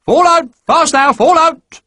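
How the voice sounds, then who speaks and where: A man's voice: huge pitch swings, moderate pace, a bit bright, no echo, studio quality, exaggerated voice. A man doing a bawling bully sergeant. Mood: bawling orders. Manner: booming, barking orders. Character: loud bullying army recruiting sergeant.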